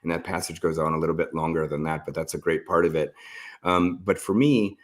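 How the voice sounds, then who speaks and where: Earnest deep-voiced male author. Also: fairly even intonation, a little fast. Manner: earnest, heartfelt and reflective. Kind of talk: interview guest talking about his novel.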